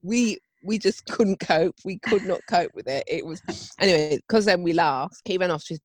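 A woman's voice: on the low side, normal speed, no room sound. A woman chatting casually, telling a family story with acted-out voices and laughter. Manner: animated storyteller, acts out voices, laughs often.

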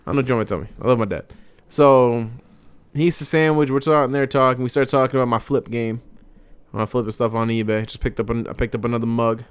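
A man's voice: mid-range voice, fast talker, clean tone. A young man co-hosting a podcast, telling a casual story and acting out what others said. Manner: animated storyteller acting out quotes. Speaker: podcast co-host.

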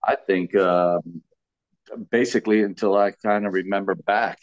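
Low-voiced relaxed Florida man. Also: measured pace, no echo, muffled recording. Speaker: guest. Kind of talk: casual podcast chat.

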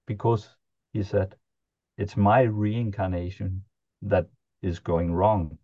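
Man recounting an anecdote, mellow low timbre, dry dull-sounding recording, halting delivery. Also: fairly even intonation, no room sound. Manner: halting, chuckling anecdote telling with many restarts. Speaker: podcast guest. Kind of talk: casual storytelling.

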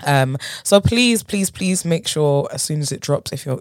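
A young woman, chatting casually as a podcast co-host. Her pitch swings widely and she laughs often, with a bit of casual swearing. The sound is close and dry. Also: expressive, measured pace, a little mellow, dry recording. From England. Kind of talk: casual chat.

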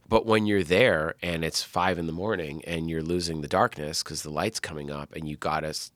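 A middle-aged man, a film director, telling animated stories in a casual interview, swearing often and acting out what people said. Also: extremely low pitch, moderate pace, few pauses, no room sound. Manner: animated storyteller, swears often, acts out quotes.

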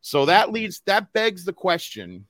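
A man's voice: sits high, sing-song, unhurried, fairly bright tone, no room sound. Rambling Boston man hosting, dry sound. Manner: rambling, filler-heavy, restarts sentences. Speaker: podcast host. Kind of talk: casual podcast chat.

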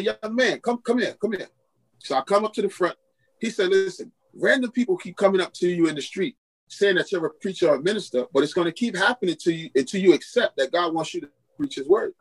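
This pastor from Queens, New York speaks in a high, breathy male voice, captured on a rough recording. Guesting on a podcast, he recounts a personal testimony and brings the story's characters to life by voicing their lines.

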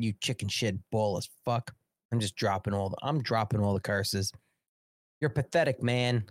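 A man's voice: medium pitch, expressive, measured pace, dry recording, clean studio sound. A man hosting a live political commentary show, reading news aloud and mocking it with crude swearing. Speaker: host.

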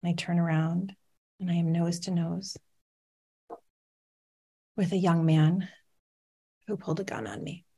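A woman's voice: fairly low pitch, unhurried, gravelly, long pauses, dark tone, breathy edge. A woman in her forties, a motivational speaker, telling a personal story on stage with dramatic pacing and questions to the audience.

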